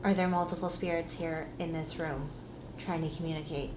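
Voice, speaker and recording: Young female ghost hunter, measured and commanding, in a noisy, echoey hotel room. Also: deep voice, steady tone. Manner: firm, measured questioning of spirits. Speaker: paranormal investigator. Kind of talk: ghost-hunting session.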